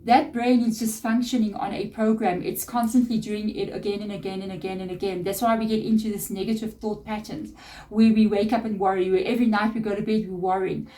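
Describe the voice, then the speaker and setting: A middle-aged woman reads tarot and gives spiritual advice earnestly and emphatically, repeating herself a lot. Her mid-range voice is warm, steady, and brisk, recorded from a distant mic with faint background music.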